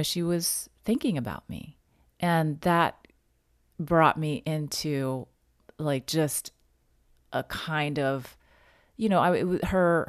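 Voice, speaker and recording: A woman with a low voice tells a personal story in a relaxed conversational way. She is reflective and halting and often restarts her sentences. The sound is dry and close. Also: no echo. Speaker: podcast guest sharing a personal story.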